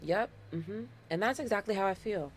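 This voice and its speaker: A woman's voice: medium pitch, normal speed. A woman of thirty hosting her own podcast alone, talking casually and playfully, with dramatic repetitions. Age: 30s. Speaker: podcast host. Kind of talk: casual solo podcast monologue.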